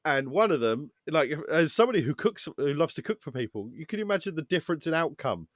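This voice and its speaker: A man's voice: on the high side, sing-song, fast, no room sound. A man on a podcast in casual chat, acting out quotes animatedly, swearing and laughing. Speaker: podcast guest.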